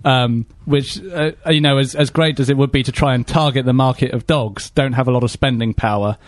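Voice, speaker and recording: A man's voice: mid-range voice, steady tone, brisk, no room sound, clean studio sound. A man co-hosting a podcast, chatting casually and rambling with jokes and lots of fillers. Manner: rambling, joking, many fillers. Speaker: podcast co-host. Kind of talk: casual comedic chat.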